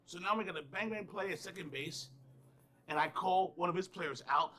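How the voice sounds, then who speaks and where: A man, an umpire, tells anecdotes with a laugh in his voice. His voice is bright and a little high. He talks freely, as in an interview. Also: moderate pace. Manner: laughing storyteller.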